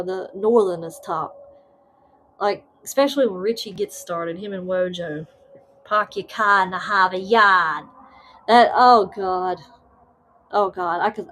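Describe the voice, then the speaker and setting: A woman with a Southern American accent hosting a live stream, chatting casually and easily breaking into laughter. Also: medium pitch. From Southern United States. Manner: laid-back, chatty, laughs easily, many fillers. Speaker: host of a live paranormal stream. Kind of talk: casual chat reading live comments.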